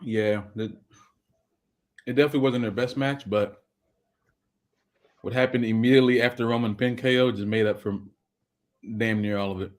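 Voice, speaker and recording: A man co-hosting a podcast, reacting in a relaxed conversational way. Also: medium pitch, normal speed, long pauses. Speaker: podcast co-host. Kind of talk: casual wrestling recap.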